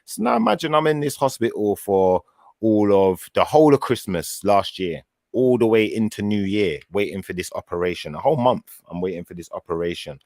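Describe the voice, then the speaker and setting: A man chatting casually, telling a long personal story with lively acted-out quotes. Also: lowish voice, fairly quick, no echo, studio quality. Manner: animated storyteller, acts out his own quoted words. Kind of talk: casual chat.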